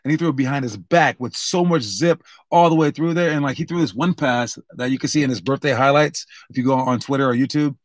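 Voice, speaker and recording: A young male basketball coach talks through drills in a loose, upbeat, rambling way, stopping and restarting often. His voice sits at an ordinary pitch for a man. The sound is dry and close, with no room around it. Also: fairly quick, few pauses, no room sound. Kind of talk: casual instructional talk.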